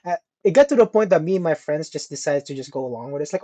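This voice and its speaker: A man casually telling a story on a podcast, animated and swearing often, acting out the people he quotes. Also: fairly high pitch, rapid-fire, hardly any pauses. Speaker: podcast co-host.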